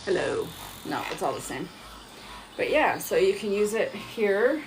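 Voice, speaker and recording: Casual woman vlogger, mid-pitched, chatty and rambling, live demo at home on a phone. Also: big pitch swings, a little slow, gravelly, a little hiss or hum, rough recording. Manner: chatty, rambling, self-mocking.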